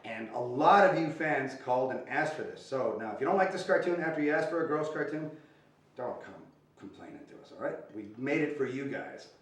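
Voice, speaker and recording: A man's voice: medium pitch, expressive, brisk. A male host with a mid-range voice gives an upbeat, informal introduction, speaking directly to his fans. The room is very reverberant and the mic sits well back. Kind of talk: casual introduction to camera. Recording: roomy, distant mic.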